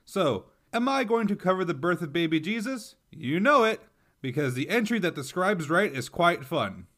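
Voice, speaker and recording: A man's voice: fairly high pitch, big pitch swings, moderate pace, a bit bright. A man hosting a history podcast, reading a script with wry, sarcastic asides.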